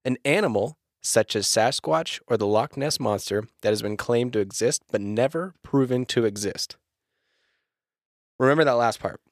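A man's voice: mid-range voice, normal speed, no echo, studio quality. A man co-hosting a podcast, chatting casually with friends, swearing a lot and laughing often. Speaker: podcast co-host leading the episode.

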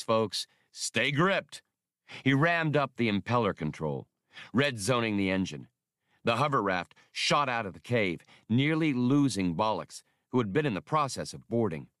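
A male audiobook reader narrates an action story with animated storytelling, his low voice moving lively up and down. The recording is dry and close, with no echo.

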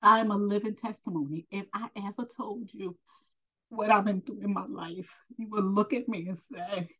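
Woman giving a heartfelt little sermon, earnest and encouraging, kinda emotional, mid pitch voice. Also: steady tone, moderate pace, a bit bright, breathy edge, lo-fi sound. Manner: earnest, encouraging, calls listener honey. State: emotional, near tears. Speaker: spiritual teacher. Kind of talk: informal preaching to camera.

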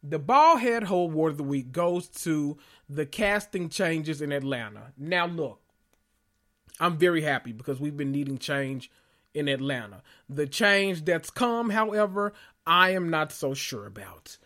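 A man's voice: fairly high pitch, measured pace. Sassy, blunt male podcast host. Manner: sassy, blunt and animated, with dramatic emphasis. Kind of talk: casual pop-culture commentary podcast.

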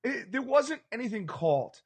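A man with a noticeably high-pitched voice co-hosts a casual sports chat. He tells stories with animation and acts out the reactions of people around him. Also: moderate pace, breathy edge. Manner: animated storyteller, acts out bar crowd reactions.

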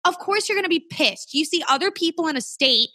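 A woman's voice: extremely high pitch, expressive, a little fast, bright, forceful tone, no echo, studio quality. A woman hosting a podcast, talking in a casual, ranting way and swearing freely. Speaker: podcast host.

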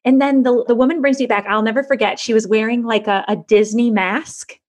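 Animated woman telling a personal story. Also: on the high side, a little fast. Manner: animated, acts out quoted voices, frequent "like" fillers. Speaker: guest. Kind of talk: candid conversational storytelling.

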